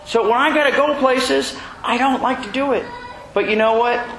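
A man's voice: very high-pitched, normal speed. A man preaching as the rabbi of a Messianic congregation, conversational and joking, acting out little exchanges with his listeners. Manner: conversational preaching with jokes, asides and acted quotes. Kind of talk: sermon. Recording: echoey room with faint noise.

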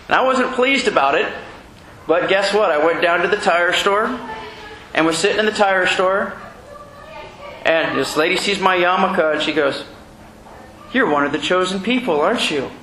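A man gives a sermon as rabbi of a Messianic congregation, conversational and full of jokes, asides and acted exchanges with his listeners. He has a high, pushed, bright voice, speaks at normal speed and pauses often. Faint noise sits in the echoey room.

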